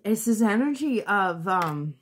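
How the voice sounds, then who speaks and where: A woman's voice: mid-range voice, expressive, a little slow, breathy edge. A woman giving a casual tarot reading to her viewers, blunt and sometimes profane, thinking aloud and restarting her sentences. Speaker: tarot reader.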